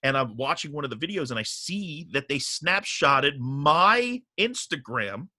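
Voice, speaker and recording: A middle-aged man tells a story on a podcast, his voice bright and forceful. He swears freely and gets worked up as he talks. The sound is close and dry. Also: on the high side, unhurried, no room sound. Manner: animated, profane, gets riled up. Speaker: guest telling a story.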